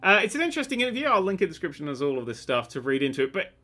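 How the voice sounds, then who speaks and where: A young man co-hosting a gaming news show in loose, sweary chat. His voice is bright and edgy, and it leaps all over the place as he rants. He gets loud and heated in bursts. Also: on the high side, racing. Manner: sweary, ranting, animated. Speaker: host.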